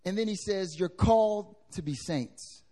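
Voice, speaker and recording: High-voiced lively male preacher. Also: measured pace. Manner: lively preaching with wide swings in pitch and loudness, casual slang. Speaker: pastor. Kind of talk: sermon. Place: church hall with congregation.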